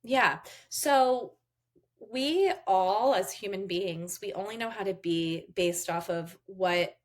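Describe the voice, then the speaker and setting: A woman's voice: mid-range voice, slow pace. A woman therapist giving parenting advice in an interview, explaining step by step and acting out what a parent and child might say. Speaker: therapist guest.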